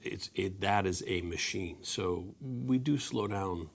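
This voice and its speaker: A man's voice: low voice, takes it slowly, gravelly. A man in his forties, a guest actor in an interview, easygoing with many restarts. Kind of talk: interview talk.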